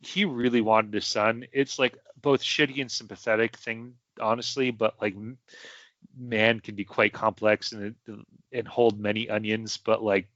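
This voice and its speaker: A man's voice: lowish voice, flat delivery, unhurried, a bit bright, no echo. A young man, a podcast host, telling history in a rambling casual way with many fillers and asides. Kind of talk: casual storytelling chat. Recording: dry, muffled home podcast mic.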